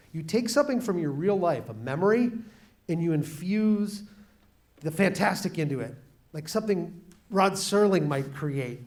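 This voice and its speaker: Animated man telling a story to a class. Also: on the high side. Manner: animated, shifts pace and volume for drama. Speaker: author speaking to students.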